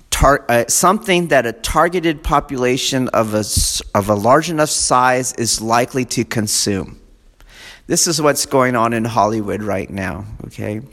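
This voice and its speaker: The speaker, a man who comes across like a martial arts instructor, delivers an easygoing, meandering lecture full of digressions and frequent check-ins with the room. Acting out fan enthusiasm makes him animated. His pitch is medium, and the recording carries the long reverb of a spacious hall.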